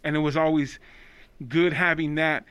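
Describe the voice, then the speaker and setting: A man's voice: on the high side, normal speed, clean tone, no room sound. A man reminiscing in casual chat, cursing freely and checking in with his listener. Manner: animated, profane, keeps asking "you know what I mean".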